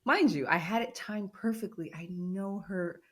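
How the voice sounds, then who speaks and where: A woman's voice: mid-range voice, moderate pace, slightly rough. A woman co-hosting a podcast, telling a story in casual chat and acting out the quotes. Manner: animated storytelling, acts out quotes. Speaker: podcast co-host.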